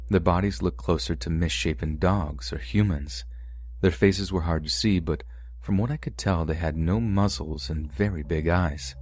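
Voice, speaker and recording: Deep-voiced man narrating horror stories. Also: darkish tone. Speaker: podcast narrator. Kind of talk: reading submitted first-person true horror stories.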